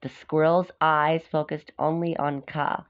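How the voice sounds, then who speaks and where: Unhurried and low, with little pitch movement, a woman's voice reads a storybook in a casual, chatty way, pausing to talk about the pictures. It's a dull, dry lo-fi recording.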